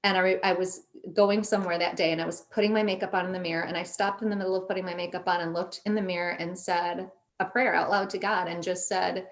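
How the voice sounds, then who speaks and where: A middle-aged woman telling a personal story in a casual chat, animated and quoting herself and others as she goes. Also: on the low side, quick pace, few pauses. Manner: animated, quotes herself in lively voices. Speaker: podcast guest.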